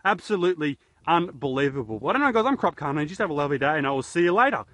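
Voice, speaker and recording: A man's voice: a little high, sing-song, racing, a bit bright, no room sound. Jokey Australian man rambling outdoors. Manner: jokey, rambling, self-mocking. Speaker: YouTuber host. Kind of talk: goofy outdoor vlog. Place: outdoors in a horse paddock. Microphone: handheld camera.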